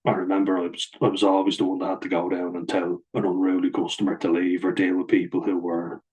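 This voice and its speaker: A man's voice: low voice, monotone, quick pace, a little mellow, low-quality recording. A middle-aged man, bluntly telling a personal story to camera in a sweary, aggrieved way. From Ireland. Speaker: vlogger.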